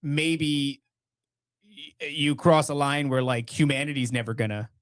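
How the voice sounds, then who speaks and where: A man's voice: a little high, flat delivery, measured pace, no room sound. A man hosting a podcast in casual chat, rambling and hesitant with many restarts. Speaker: podcast host.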